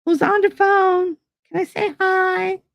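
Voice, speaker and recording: A woman voicing a small curious child who keeps pestering a parent on the phone with high, insistent questions. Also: flat delivery, slow, creaky, no room sound, heavily acted.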